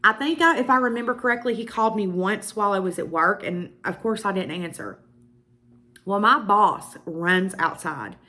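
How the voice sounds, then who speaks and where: A woman's voice: mid-range voice, lively intonation, normal speed, sharp tone. Young woman, Southern US accent, casual vlog storytelling, emphatic, talking to viewers. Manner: chatty, emphatic, addresses viewers directly. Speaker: beauty vlogger.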